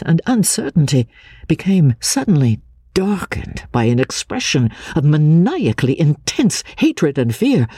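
A man narrating a classic novel in first person with a dramatic, expressive reading. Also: medium pitch, breathy edge, dry recording, studio quality. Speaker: audiobook narrator.

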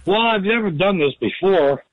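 A man's voice: sits high, animated, normal speed, phone-quality sound. Polite man calling in. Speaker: caller. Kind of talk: phone-in chat.

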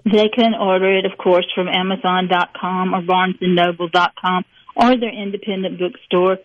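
A woman's voice: fairly low pitch, little pitch movement, moderate pace, no room sound, muffled recording. An older woman from rural Mississippi with a Southern accent, chatting as an author guest in a rambling, folksy way with frequent laughs. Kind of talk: casual interview chat.

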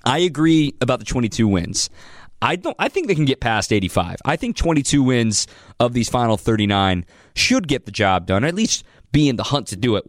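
A man's voice: medium pitch, no echo. A man hosting a sports talk radio show, talking energetically and taking calls in a studio. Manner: energetic, conversational, reads out phone numbers. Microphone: studio microphone.

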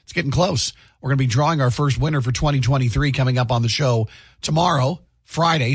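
A morning radio host with a medium-pitched, slightly rough voice chats upbeat about his family, mixing home stories with announcements. He's recorded on a studio microphone in a dry booth, giving clean studio sound with no room echo.

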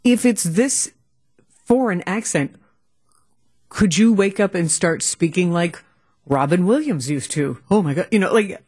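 A woman's voice: lowish voice, expressive, unhurried, pauses often, darkish tone, husky. A woman co-hosting a radio talk show, chatting casually and animatedly with many restarts. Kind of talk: casual chat.

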